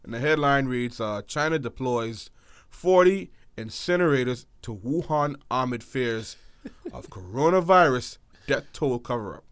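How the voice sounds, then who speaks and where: A man's voice: mid-range voice, expressive, unhurried, fairly bright tone, clean tone, no room sound, clean studio sound. Giggly, stammering podcast co-host man. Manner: giggly, stammers with repeated fillers. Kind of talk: casual chat.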